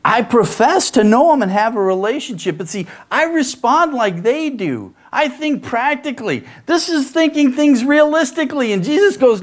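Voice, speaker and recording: A male pastor delivering a sermon in an animated, rhetorical way, often tossing in "right?" asides. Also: very high voice, normal speed, few pauses.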